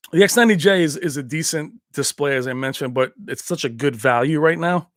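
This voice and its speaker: A man's voice: on the high side, fairly quick, dry recording, clean studio sound. A man hosting a casual home livestream about TVs, rambling loosely after a few drinks and laughing often. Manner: laughs often, slips into movie impressions. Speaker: tech livestream host. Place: his own home.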